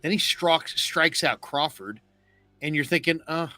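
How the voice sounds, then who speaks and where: Middle-aged male sports talk host, bright tone, dry close mic, storytelling recap. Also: on the high side, a little slow, no echo, soft background music. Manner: animated storyteller, acts out quotes. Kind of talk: casual postgame recap.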